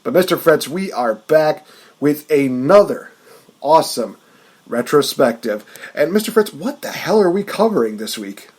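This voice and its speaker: A man's voice: fairly high pitch, measured pace, husky. A man hosting a wrestling podcast in casual chat, delivering announcer-style hype introductions. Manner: hype announcer flourishes, energetic. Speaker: podcast host.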